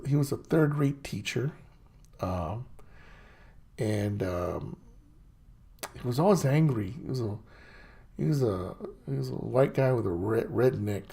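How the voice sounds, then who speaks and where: A man's voice: mid-range voice, creaky, mellow, breathy edge. A middle-aged man hosting his own show, rambling through a blunt, scornful rant full of fillers and restarts. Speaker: host. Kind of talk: ranting monologue.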